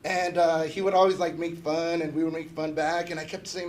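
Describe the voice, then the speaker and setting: A man with a fairly high voice gives a casual tribute at a memorial gathering, mixing playful stories with sincere praise. He talks loosely and keeps checking in with his listeners, with faint room sound in the background. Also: little pitch movement, brisk, hardly any pauses, a little hiss or hum. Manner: casual, joking anecdotes, warm tribute, often asking "right?". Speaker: fraternal organization member giving a memorial tribute. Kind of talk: personal memorial remarks. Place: memorial gathering at a funeral home.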